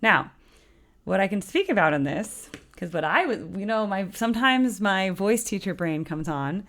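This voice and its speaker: A woman's voice: mid-range voice, normal speed. A woman hosting a music reaction video as a voice teacher, talking casually and breaking down a singer's technique with lots of fillers. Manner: animated, demonstrates vocal technique, lots of fillers. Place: home room with a sunlit window.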